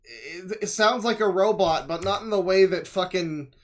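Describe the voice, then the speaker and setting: A male streamer talking over a video in loose, rambling reaction commentary. He is sarcastic and curses freely, in a slightly higher-than-usual voice. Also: moderate pace. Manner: rambling, sarcastic, swears often.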